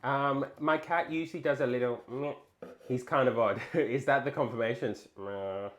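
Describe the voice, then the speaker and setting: A woman's voice: very deep voice, moderate pace. A woman co-hosting a casual cooking stream, talking hesitantly with fillers and restarts. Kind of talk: casual chat.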